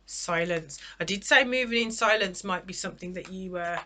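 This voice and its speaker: A woman's voice: lowish voice, moderate pace, noisy background. A woman giving a casual spoken tarot reading, chatty and exclamatory, often checking in with the listener. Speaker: tarot reader.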